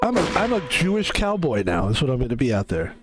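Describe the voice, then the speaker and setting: A young man streaming a video game, chatting casually in an excitable, rambling way and laughing often. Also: mid-range voice, fast talker, over loud music, poor audio. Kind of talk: casual live-stream chat.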